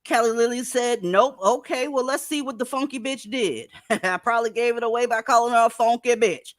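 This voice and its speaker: A woman's voice: a little high, a little fast, no echo, clean studio sound. A middle-aged woman hosting a livestream, talking bluntly and emphatically with plenty of profanity. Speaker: livestream commentary host. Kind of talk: casual commentary livestream.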